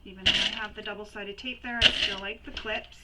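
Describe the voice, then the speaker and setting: A woman's voice: medium pitch, steady tone, fairly quick, heavy background noise. A woman hosting a sewing tutorial, chatty and talking through each step while she works, often recapping what was done before. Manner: chatty, repeats and recaps steps.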